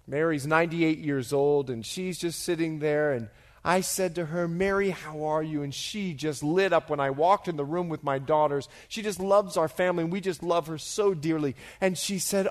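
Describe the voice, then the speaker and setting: A middle-aged male pastor preaching a sermon as an animated storyteller, dropping to a hush and then rising to loud, excited bursts. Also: on the high side, moderate pace. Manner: animated storyteller, swings from hushed to shouting.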